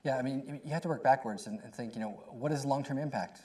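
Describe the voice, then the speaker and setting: A middle-aged man speaking on a panel in a conversational way, telling stories with quick asides. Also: medium pitch, dark tone.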